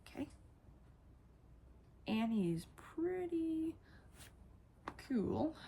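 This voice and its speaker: A woman's voice: fairly high pitch, lively intonation, takes it slowly, pauses often, a little hiss or hum. A woman vlogger showing off her toys in a casual, gushing way, often repeating herself. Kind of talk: casual toy show-and-tell.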